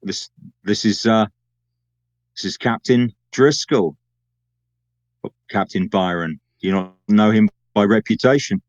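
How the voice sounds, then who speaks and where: A man's voice: lowish voice, measured pace, pauses often, no room sound, highs cut off. A man talking as a player in a tabletop game, hesitant and repeating words.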